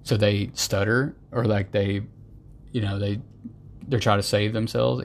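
A man's voice: lowish voice, steady tone, a little slow, vocal fry. A man hosting a podcast who rants in an emphatic, exasperated monologue. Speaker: podcast host. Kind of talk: ranting monologue.

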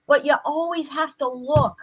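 A woman's voice: sits high, steady tone, normal speed, a bit bright, rough recording. An older woman, a therapist and guest, telling her own story in an earnest, reflective way. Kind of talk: personal storytelling in an interview.

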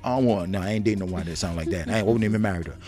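A man's voice: deep voice, racing, soft background music. A man co-hosting a casual relationship talk podcast, bragging playfully and acting out little quotes. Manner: animated, bragging, acts out quotes. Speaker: podcast co-host.

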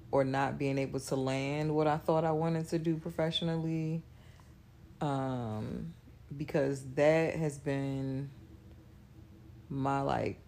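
Slow, low-voiced woman with vocal fry. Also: a little mellow, slight background noise. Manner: slow and thoughtful, pausing to find words. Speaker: co-host in a couples question chat. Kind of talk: casual chat.

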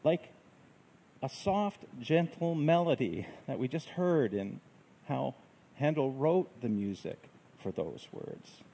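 A man preaching a sermon in a gentle, reflective way, with unhurried phrasing. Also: mid-range voice, sing-song, husky, low-quality recording. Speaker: pastor.

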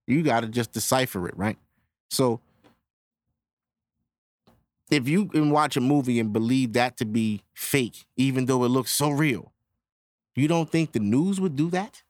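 A man's voice: medium pitch, a little slow, pauses often, a little mellow, dry recording. A man hosting his own podcast, ranting casually and profanely straight to his listeners. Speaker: podcast host. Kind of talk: casual solo podcast rant.

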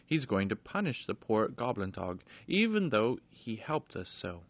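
A man's voice: on the low side, sing-song, unhurried, exaggerated voice. A man voicing a kindly, loyal male peddler in a storybook, in a caring, earnest way. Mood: worried. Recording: dull lo-fi dry recording.

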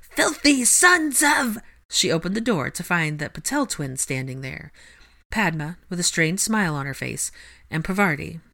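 Low-voiced woman reading fan fiction. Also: lively intonation, moderate pace, creaky, fairly bright tone. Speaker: audiobook reader.

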